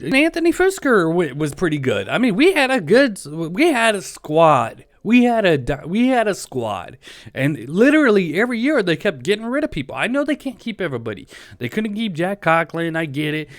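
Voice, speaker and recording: A man hosting a fan sports podcast, talking in an excitable, emotional, pleading rant. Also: high-pitched, no room sound, clean studio sound. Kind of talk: solo fan podcast commentary.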